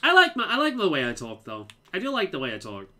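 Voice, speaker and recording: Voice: mid-range voice, huge pitch swings, quick pace, bright, forceful tone. A streamer from the Liverpool area giving casual, rambling commentary while playing a game and swearing freely. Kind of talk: casual let's-play commentary.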